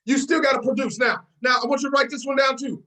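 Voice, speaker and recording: A woman's voice: high-pitched, fairly even intonation, fast talker, pushed and bright, low-quality recording. A woman hosting a team video call, giving a fired-up motivational pep talk, repeating herself and calling out listeners by name.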